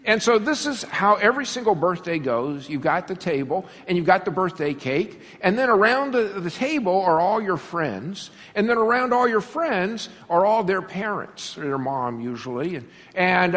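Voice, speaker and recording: A man preaching a sermon, an animated storyteller who laughs often and acts out little scenes. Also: sits high, in a large hall. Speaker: pastor.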